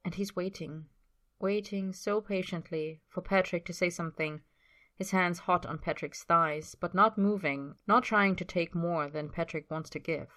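A woman reading a story aloud in a steady, plain voice. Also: on the low side, moderate pace. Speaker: story reader.

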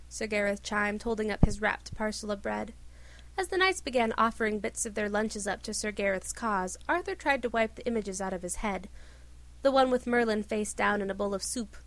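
A woman reading a story aloud with expressive narration. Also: medium pitch, dry recording. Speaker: reader. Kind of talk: reading fan fiction aloud.

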